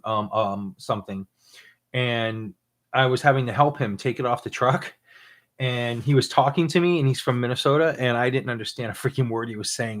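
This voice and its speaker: A man in a mid-range voice co-hosts a live question-and-answer stream. He rambles through his answers with plenty of fillers and laughter, reading out viewer comments as he goes. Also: medium pitch. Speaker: podcast co-host. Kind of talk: live Q and A chat.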